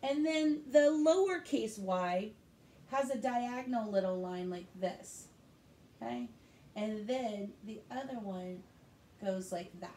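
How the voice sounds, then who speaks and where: A woman's voice: medium pitch, measured pace, dark tone, slight background noise. A woman preschool teacher giving a remote lesson to young children, talking in a sing-song way and asking them questions.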